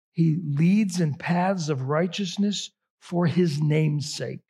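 A middle-aged man preaching a sermon, slow and reflective with long pauses. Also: a little high, darkish tone, husky. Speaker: pastor.

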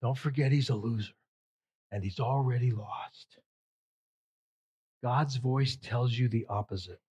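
A pastor preaching a sermon with emphatic delivery, repeating phrases for effect. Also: male voice, mid-range voice, unhurried, a little mellow, slightly rough.

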